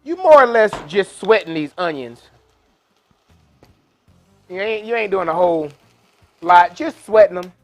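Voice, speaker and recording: A man's voice: sits high, animated, a little slow, pauses often, soft background music. A man hosting a live cooking demonstration in a kitchen, talking casually and folksily to his viewers. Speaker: cooking show host. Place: kitchen with induction burner.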